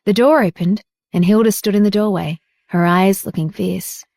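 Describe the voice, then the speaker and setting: A woman reading a romance audiobook in steady scripted narration. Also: mid-range voice, moderate pace, creaky, dry recording, clean studio sound.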